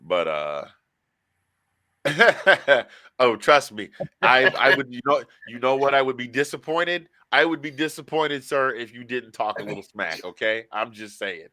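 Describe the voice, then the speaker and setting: A man's voice: mid-range voice, measured pace, no room sound. A man hosting a sports podcast, telling stories with a lot of feeling and animation in casual talk. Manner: emotional, animated storyteller. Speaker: podcast host.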